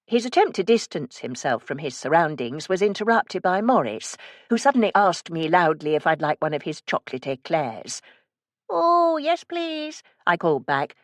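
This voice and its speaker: A woman narrating a first-person cozy mystery audiobook in a measured storytelling manner. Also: low-pitched, expressive, no room sound, studio quality.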